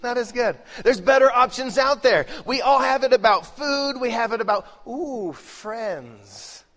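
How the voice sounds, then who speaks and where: A middle-aged male pastor preaching a lively, joking sermon, swinging between loud bursts and hushed asides. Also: very high voice, unhurried. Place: large church hall. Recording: live sermon with long hall reverb.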